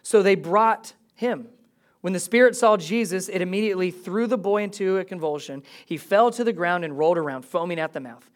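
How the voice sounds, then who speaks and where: A man delivers a sermon to his congregation. He reads a scripture passage aloud, then explains it in a relaxed, conversational way. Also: high-pitched, brisk. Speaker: pastor.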